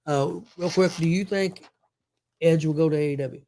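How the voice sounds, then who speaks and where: Mellow-voiced man rambling about wrestling. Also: fairly high pitch, steady tone. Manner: rambling, self-correcting, drawn-out fillers. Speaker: show host. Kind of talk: casual sports chat.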